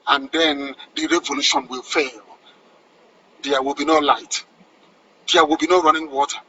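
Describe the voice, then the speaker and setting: A man's voice: very high voice, bright, forceful tone, a little hiss or hum, poor audio. A man with a Nigerian accent giving an impassioned radio address, commanding and fervent, repeating phrases for emphasis. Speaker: radio broadcaster.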